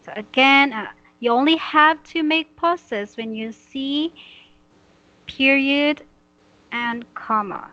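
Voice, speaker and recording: A woman's voice: high voice, slow, bright, forceful tone, lo-fi sound. A woman tutoring English, patiently correcting a student's reading with many "okay"s.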